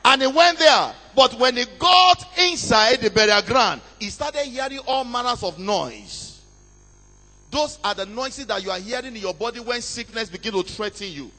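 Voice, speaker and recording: A man delivers a dramatic sermon, his high voice ringing out. He tells the story with energy and keeps calling on the congregation to answer back. The recording carries the long reverb of a large hall. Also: animated, moderate pace, sharp tone. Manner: dramatic, call-and-response with congregation. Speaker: preacher.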